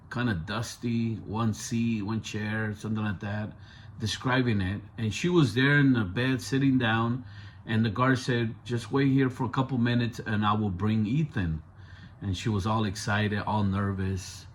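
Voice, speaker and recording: A man's voice: mid-range voice, slight background noise. A man telling a true story in a conversational way, with street slang and frequent asides to the listener. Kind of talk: casual true-story narration.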